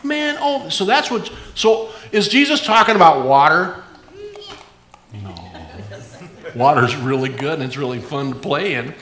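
A pastor giving a playful, animated children's sermon in a church. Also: medium pitch, measured pace, roomy sound.

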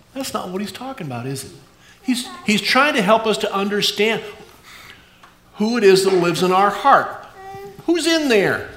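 Animated pastor in an echoey church. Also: medium pitch, slight background noise. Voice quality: animated, playful with kids. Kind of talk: children's sermon.

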